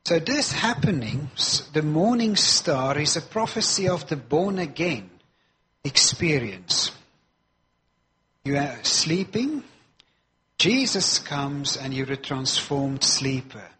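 Male preacher, sermon delivery, unhurried and emphatic, voice sits a little high. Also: sing-song, sharp tone, breathy edge. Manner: emphatic, repeats key phrases for weight.

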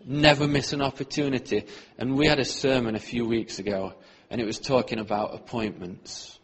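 A man giving an earnest sermon testimony in church, often trailing off softly at the ends of his sentences. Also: medium pitch, breathy edge. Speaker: church speaker.

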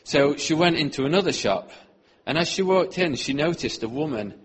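A man giving an earnest sermon testimony in church, often trailing off softly at the ends of his sentences. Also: a little high, animated, moderate pace, breathy edge. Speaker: church speaker.

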